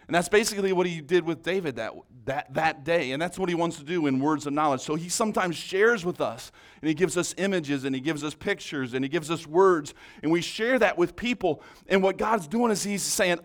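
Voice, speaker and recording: A man's voice: on the high side, a little fast, few pauses. A man preaching a sermon, telling a story in a casual, conversational way with many restarts. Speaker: pastor.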